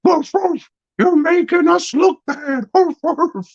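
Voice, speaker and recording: A man voicing a surly chained-up dog in a squeaky yapping falsetto. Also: slow pace, gravelly, dull audio, exaggerated voice. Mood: snippy.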